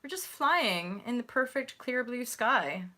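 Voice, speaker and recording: Woman tarot host, bright tone, gushing and chatty with live viewers, swears casually. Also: fairly high pitch, expressive, unhurried. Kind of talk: live-stream tarot reading.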